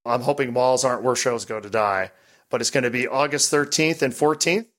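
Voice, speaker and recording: A man hosting a casual pinball podcast, chatty and rambling, animated as he talks. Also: mid-range voice, a little fast. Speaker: podcast host.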